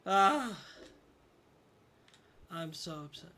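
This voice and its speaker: A man's voice: high-pitched, expressive, extremely slow, bright, forceful tone, a little hiss or hum. A young man streaming a game, casually commenting to his chat, frustrated, swearing and mocking himself. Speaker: gaming streamer.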